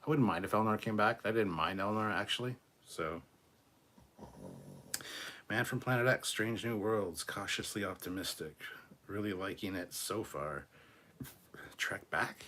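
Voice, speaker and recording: Deep-voiced guy on a live stream reading chat msgs, laid back and rambly, lots of ums. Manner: relaxed, rambling, with fillers and restarts. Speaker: host reading super chats.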